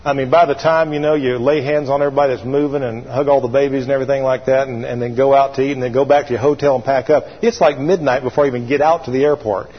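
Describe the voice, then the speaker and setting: A man's voice: medium pitch, steady tone, fast, hardly any pauses, slightly rough. A man preaching a sermon, telling a story in a folksy way and calling out for his congregation to answer him. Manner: call-and-response with congregation. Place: church sanctuary. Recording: dull recording with long hall reverb.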